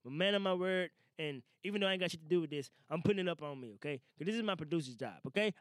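A man's voice: a little high, expressive, fast, dry recording. A young man hosting his own podcast in a small studio, talking loosely and animatedly with lots of slang and swearing. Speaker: podcast host. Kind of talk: casual podcast monologue.

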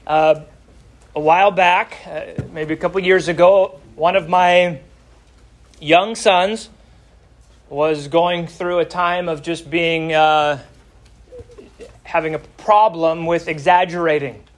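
A man's voice: on the high side, steady tone, takes it slowly, long pauses. Folksy man teaching a Bible class. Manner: folksy, anecdotal, stresses key words. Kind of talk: Bible lesson with storytelling.

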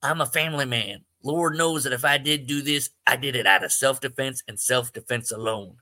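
A man's voice: medium pitch, normal speed, sharp tone, pitched above the performer's own voice. A man voicing Old Joe, a paranoid, God-fearing old small-town man who talks in a folksy drawl and pleads frantically. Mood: pleading.

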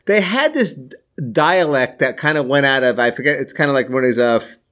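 A man's voice: mid-range voice, lively intonation, a little fast, a bit bright. A man co-hosting a podcast in casual chat, rambling and restarting his sentences, chuckling as he goes. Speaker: podcast co-host.

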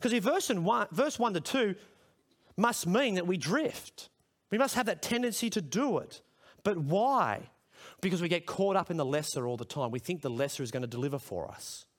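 Preaching to a school chapel service, a middle-aged man speaks expressively at normal speed in a high voice. The sermon stays conversational, gaining emphasis as he puts questions to those present.

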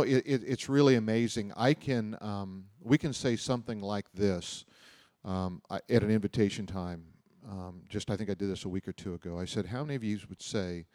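A man's voice: lowish voice, darkish tone, no echo, studio quality. A middle-aged man preaching a sermon in a loose, conversational storytelling way, often repeating himself and adding asides. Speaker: pastor. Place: church auditorium.

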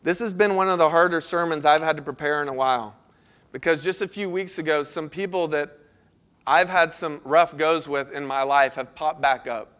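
Speaking at a moderate pace, this pastor has a smooth, high, light voice with a touch of brightness. His sermon is earnest and conversational, broken up by frequent questions to the congregation.

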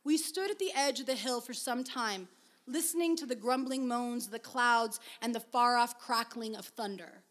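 A woman reading a first-person story aloud in a measured, expressive way. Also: fairly high pitch. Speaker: reader.

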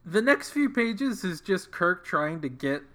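A man co-hosting a chatty, jokey podcast, summarizing a story with playful asides. His voice is bright and forceful, sitting a little high. He talks into a video call. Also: big pitch swings, unhurried. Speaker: podcast co-host. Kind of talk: casual comedic book-discussion chat.

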